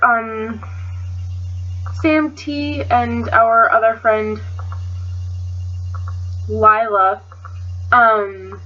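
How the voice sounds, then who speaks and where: Woman vlogger, high voice, indignant storytelling rant, swears freely, dull lo-fi webcam sound. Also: pushed and bright. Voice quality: swears freely, loose filler-heavy chatter.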